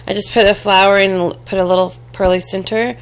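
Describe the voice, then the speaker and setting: A woman casually showing a handmade craft box and mini album to the camera, halting often with fillers and restarts and apologizing as she handles things. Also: medium pitch, fairly even intonation. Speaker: crafting vlogger. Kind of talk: casual show-and-tell craft demo.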